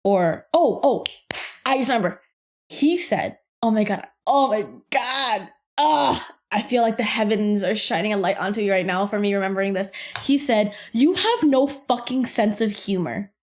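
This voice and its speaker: Brief: young woman podcast host, casual storyteller, swears freely, animated. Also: mid-range voice, moderate pace. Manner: animated, profane, laughs through her story.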